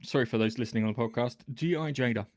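A man's voice: mid-range voice, very fast, darkish tone, no room sound. Blunt man, dry sound. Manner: blunt, sweary, tags "yeah?". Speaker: podcast co-host. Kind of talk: casual chat review.

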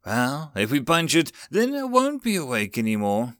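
A man voicing a grumpy, blunt young male goblin in a storybook reading, high and grumbling. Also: wildly swooping pitch, moderate pace, a bit bright, no room sound, studio quality.

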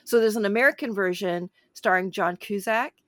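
A woman's voice: mid-range voice, normal speed, dry recording. Chatty woman, dry close sound. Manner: animated, laughs often, chatty. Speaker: podcast co-host. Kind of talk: casual film discussion.

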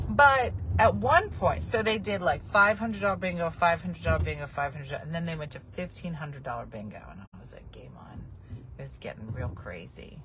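A woman in her forties telling a casual, animated story from a moving car, often acting out the people she quotes. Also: on the low side. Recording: car road noise behind.

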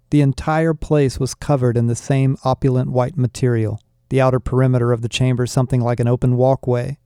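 A man giving steady first-person scripted narration of a novel. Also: mid-range voice, dry recording, studio quality. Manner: steady, descriptive reading. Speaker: audiobook narrator.

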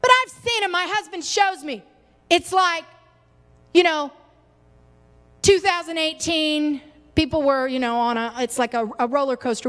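A young woman delivers an impassioned sermon in a high, bright voice. She swings from loud, drawn-out peaks to soft, quiet drops. The sound rings out with a long hall reverb. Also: steady tone, clean tone. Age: young adult. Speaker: preacher.

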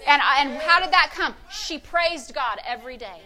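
A woman pastor preaching a fervent sermon, with call-and-response and sudden loud shouts of praise. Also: high-pitched, expressive, moderate pace, some chatter behind.

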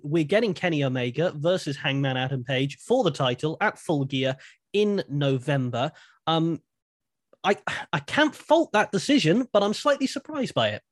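A man's voice: a little high, no echo, clean studio sound. A man co-hosting a podcast, chatting casually and animatedly, thinking aloud with frequent restarts. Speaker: podcast co-host. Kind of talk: casual wrestling chat.

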